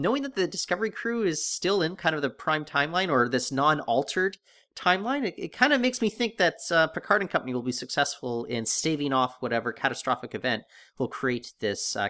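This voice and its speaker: A man's voice: on the high side, expressive, fairly quick, pushed and bright. A man co-hosting a casual podcast discussion, talking with many fillers and restarts. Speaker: podcast co-host.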